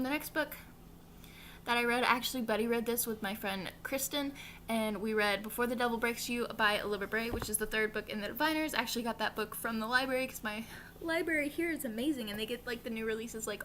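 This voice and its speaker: A woman's voice: fairly high pitch, fairly quick, fairly bright tone, a little hiss or hum. A young woman from the American South with a Southern accent, chatting casually and rambling through a book wrap-up, full of fillers and the odd swear. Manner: chatty, rambling, lots of likes and ums, swears for emphasis. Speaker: book vlogger. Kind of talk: casual reading wrap-up chat.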